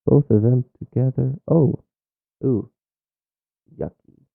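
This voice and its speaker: A man's voice: medium pitch, takes it slowly, creaky, no room sound, phone-quality sound. A man hosting his channel, chatting casually to himself as he tries out voice effects and mutters his reactions. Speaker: channel host. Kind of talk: casual chat while trying out voice effects.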